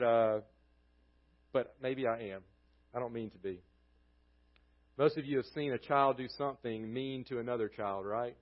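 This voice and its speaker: A man preaching a sermon as pastor, earnest, his voice dropping low and quiet at the ends of phrases. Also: lo-fi sound.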